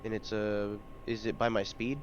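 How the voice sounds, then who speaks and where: A man's voice: lowish voice, little pitch movement, normal speed, muffled recording, slight background noise. A man playing a tabletop role-playing game, thinking aloud and hesitating with fillers. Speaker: player. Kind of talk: casual chat during a tabletop game.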